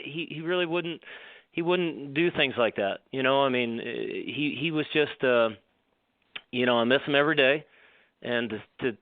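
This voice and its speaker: A man's voice: mid-range voice, dry recording. Golf pro guy rambling stories, phone-line sound, dry. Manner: rambling, animated, many restarts. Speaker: golf professional guest. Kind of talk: storytelling on a radio show.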